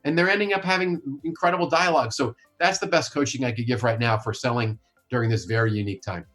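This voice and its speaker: Man in a podcast interview, forceful blunt sales-coach delivery, mid-pitched voice, faint music underneath. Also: fast talker. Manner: blunt, emphatic, opinionated.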